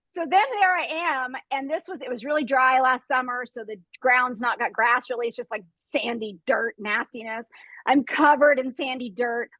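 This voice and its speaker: Hosting a group conversation, a high-pitched woman tells a story with animated energy at a moderate pace, often laughing and acting out the noises. The recording is dry and close, without room echo.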